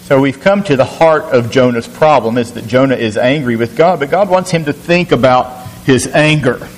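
A man's voice: mid-range voice, normal speed, long reverb tail, a little hiss or hum, low-quality recording. A man teaching a recorded Bible lesson in an earnest, questioning way, often repeating words as he thinks.

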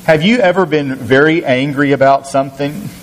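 A man's voice: on the high side, moderate pace, slight background noise. Earnest man teaching a Bible lesson in a reverberant room. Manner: earnest, questioning, repeats words while thinking.

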